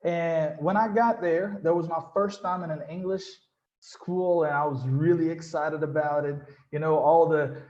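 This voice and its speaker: A man, a panelist telling a story in a lively, slangy way and acting out the quotes. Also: on the high side, moderate pace, lo-fi sound. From Brazil. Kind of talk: animated storytelling in a panel discussion.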